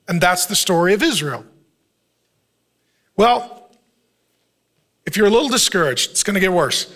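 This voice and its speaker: A man's voice: sits high, pushed and bright. A male pastor preaching a sermon, telling the story with jokes and frequent laughter.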